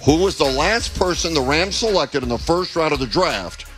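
A man with a slightly high, very animated voice runs a trivia contest live from a restaurant event. He reads the questions and answer choices with playful, teasing energy. Soft music plays in the background. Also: moderate pace, low-quality recording. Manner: playful, teasing, laughs often. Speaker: radio host running a trivia game. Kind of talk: live quiz hosting.

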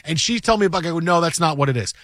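A man co-hosting a sports talk show, telling stories in a lively, joking way with mock play-by-play asides. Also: on the high side, very fast, dry recording, studio quality. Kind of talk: casual sports radio banter.

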